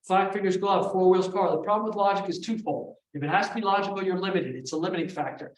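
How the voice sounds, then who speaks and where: A man teaching a memory technique at a live seminar, energetic, quizzing the audience in call-and-response. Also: high voice, fast. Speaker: memory trainer. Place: large room before a live audience. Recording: echoey room, voice from far off.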